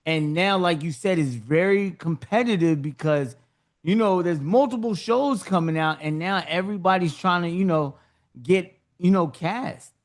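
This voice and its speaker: A man hosts a podcast in a fairly high voice for a man. He is enthusiastic and loose, and he talks informally with plenty of filler words as he sets up his questions. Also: normal speed. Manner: enthusiastic, loose and informal, lots of "you know". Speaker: podcast host. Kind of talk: casual interview talk.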